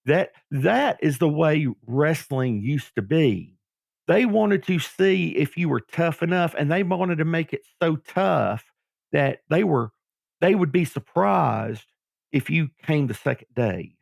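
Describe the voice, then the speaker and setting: A middle-aged man from Georgia, a guest telling his life story in an animated way, acting out what people said. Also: fairly high pitch, takes it slowly, gravelly, no room sound, clean studio sound. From Georgia, USA. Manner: animated storyteller who acts out quoted voices. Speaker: guest, former pro wrestler. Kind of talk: storytelling interview.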